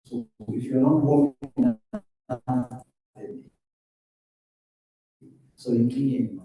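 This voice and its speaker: A man's voice: mid-range voice, huge pitch swings, takes it slowly, creaky, highs cut off. A man hosting an event and introducing the next speaker, rambling and repeating himself. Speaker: event host. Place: large echoey event hall. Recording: echoey hall, mic far off.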